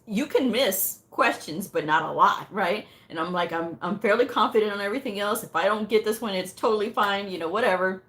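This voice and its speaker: Chatty woman retelling her exam day. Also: lowish voice. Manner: chatty, animated, reenacts her own thoughts. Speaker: medical coding tutor. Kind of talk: casual storytelling vlog.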